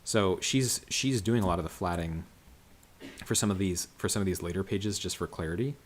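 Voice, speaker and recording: A man's voice: low-pitched, moderate pace, slight background noise. A man coloring comics on a livestream, talking casually about his process in a rambling way full of fillers and restarts. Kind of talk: casual livestream commentary while working.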